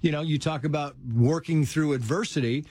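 A middle-aged man tells personal stories as a guest, his pitch leaping as he acts out the people he quotes. The sound is dry and close. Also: a little fast, husky, no echo. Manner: animated, acts out quoted voices with big pitch jumps. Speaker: guest author. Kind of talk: storytelling in casual conversation.

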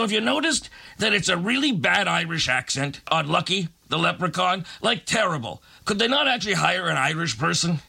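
A man's voice: sits high, gravelly, pushed and bright, slightly rough. A man hosting a late-night radio show, delivering a sarcastic, ranting comic monologue.

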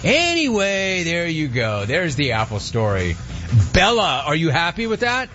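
A man telling a story in a casual, animated way, acting out the other people's lines with sudden jumps in pitch. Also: measured pace, muffled recording, faint music behind.

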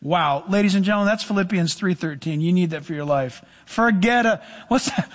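A middle-aged male pastor preaching a sermon, animated, with sudden drops to soft, low asides. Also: a little fast, hardly any pauses.

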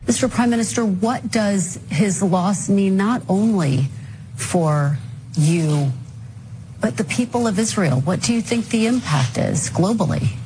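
A female news interviewer asks formal, measured questions in a mellow, warm tone. Faint background noise runs under her voice. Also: medium pitch, expressive, poor audio.

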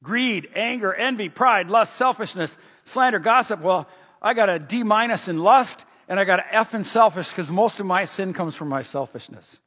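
A man's voice: sits high, moderate pace, a bit bright, slightly rough. A man preaching a sermon as pastor, earnest and full of rhetorical questions, in a church. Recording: dull lo-fi sound with long hall reverb.

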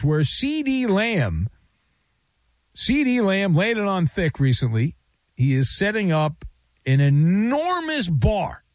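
A male sports radio host riffing through a monologue with sarcasm and playful asides. His pitch rides high and swoops widely, full of mock outrage. The sound is dry and close, like a studio mic. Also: dry recording.

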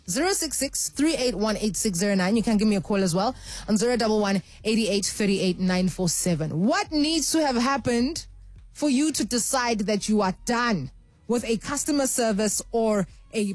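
A woman hosting a call-in radio show, telling a story with lively energy and acting out the voices of the people in it. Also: medium pitch, moderate pace, no room sound. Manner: animated storyteller, acts out voices. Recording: faint music bed behind.

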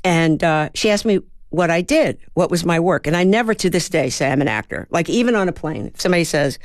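A woman's voice: on the low side, lively intonation, a little fast, dry recording, clean studio sound. A woman in her seventies from Baltimore, an actor and playwright giving thoughtful interview answers and sounding out rhythms as she tells a story. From Baltimore, USA. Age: 70s. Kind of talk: reflective radio interview answers.

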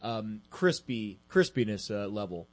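A man's voice: lowish voice, big pitch swings, measured pace. A man on a sports talk panel, rambling through playful analogies.

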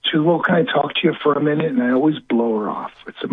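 A man, a former pro wrestler from the United States, telling a painful personal story with many halts and repeated words. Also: fairly high pitch. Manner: halting, repeats words, breaks into cries and whispers. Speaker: guest, former professional wrestler. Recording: tinny phone line.

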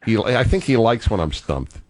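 A man's voice: on the low side, sing-song, normal speed, a little mellow. An older man hosting a call-in radio talk show, thoughtful and digressive, often restarting his sentences.

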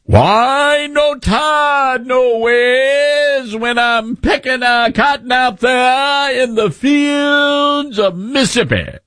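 A man mimicking a woman politician with a put-on Southern drawl, shrill and overdone. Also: extremely slow, few pauses, a bit bright, clear, resonant tone, no echo, studio quality, exaggerated voice. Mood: mocking.

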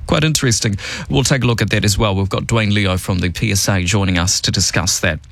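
A man's voice: on the low side, quick pace, gravelly, dry recording. A man hosting a morning radio show, chatting wryly about politics and running through the news. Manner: chatty, wry, lively. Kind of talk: casual radio talk and news rundown. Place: radio studio.

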